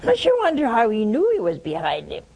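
A woman's voice: fairly high pitch, huge pitch swings, brisk, gravelly, dark tone, breathy edge, muffled recording. A woman preaching a broadcast sermon, telling folksy stories with a teasing edge.

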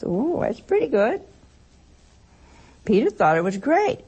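Mid-range and warm with a breathy edge and creak, this older woman's voice is expressive at normal speed, and she pauses often. Her sermon to a broadcast audience is chatty and story-filled, sprinkled with rhetorical questions and regular laughter.

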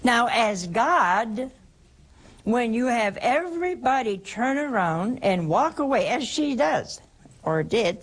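An older woman hosting a religious call-in show, answering a caller with slow, emphatic explanation and repeated key phrases. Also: on the high side, expressive. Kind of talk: preaching call-in radio answer.

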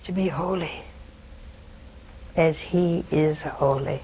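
A woman's voice: deep voice, takes it slowly, warm tone, a little hiss or hum, low-quality recording. A woman in her seventies giving a reflective sermon, dropping to a whisper at times. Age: 70s. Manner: reflective, drops to a whisper for quoted words. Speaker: preacher.

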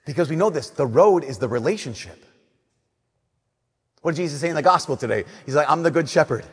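A man preaching a conversational sermon, telling stories and slowing down softly on his key points. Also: fairly high pitch, lively intonation, breathy edge, long reverb tail.

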